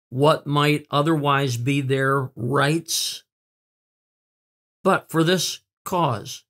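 A man preaches a sermon in an earnest, plainspoken way. His voice sits a little high for a man. He trips over fillers and repeats words, then slows right down to lean on each key word. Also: fairly bright tone. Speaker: pastor.

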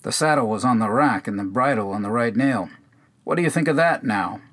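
A man's voice: mid-range voice, animated, fairly quick, a bit bright. Man voicing a quavering old hermit, proud, bewildered, sing-song retelling, poetry reading. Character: angry, bewildered old male cabin-dweller.

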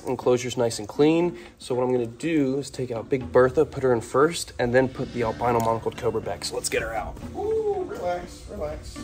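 A young man hosting a casual vlog about caring for his snakes and lizards, chatty and enthusiastic, recorded on a phone propped up nearby. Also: medium pitch. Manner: chatty, enthusiastic, coos at the animals. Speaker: reptile keeper and show host. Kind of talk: casual animal-care vlog. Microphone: phone propped up on a can.

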